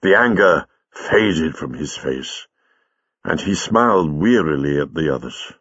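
A man narrating a story in an expressive, dramatic reading style, on a dull lo-fi recording. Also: rumbling low, measured pace, husky, no echo. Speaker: audiobook reader. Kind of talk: scripted narration.

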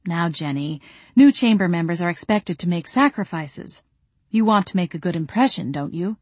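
A curt, condescending woman who runs a committee and expects obedience, read by a woman narrator. The voice sits a little low and is recorded close and dry in an audiobook. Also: expressive, moderate pace, darkish tone, dry recording. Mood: stern, condescending.

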